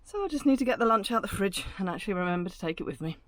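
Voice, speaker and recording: A woman's voice: medium pitch, animated, racing. A middle-aged woman chatting casually in a vlog, laughing often and poking fun at herself. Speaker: vlogger. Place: outdoors by a canal, then indoors at a house.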